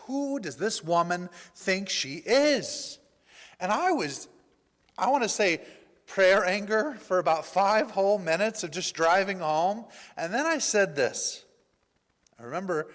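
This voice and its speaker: A male pastor giving a personal testimony in a church, telling his story in an animated way and acting out the dialogue. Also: high voice. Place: church sanctuary. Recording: reverberant church hall.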